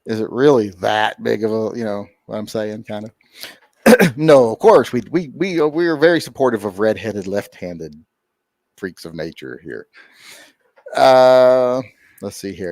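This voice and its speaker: Joking man, lively pitch. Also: a little slow, no room sound, studio quality. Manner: joking, rambling with many fillers. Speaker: livestream host. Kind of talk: casual livestream chat reading super chats.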